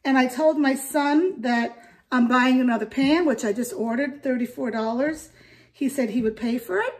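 An older woman chatting to camera in her home kitchen, rambling and lively as she cooks. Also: high voice, moderate pace, distant mic. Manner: chatty, rambling, talks to camera while cooking. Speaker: home cook vlogger. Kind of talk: casual cooking vlog.

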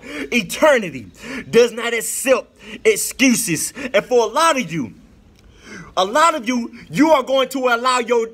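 A man preaching an impassioned sermon, with a sing-song cadence that rises into shouts. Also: high-pitched.

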